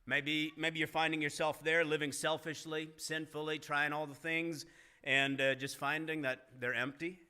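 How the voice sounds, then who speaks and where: Bright-voiced male pastor preaching. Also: on the high side, level tone, normal speed, clean tone. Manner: earnest preaching, rising emphasis in retold dialogue. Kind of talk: sermon. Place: church sanctuary.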